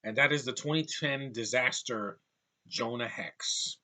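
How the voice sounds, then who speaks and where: A man's voice: medium pitch, unhurried, bright, forceful tone. A man giving a blunt, exasperated movie review at home, swearing casually and piling on complaints.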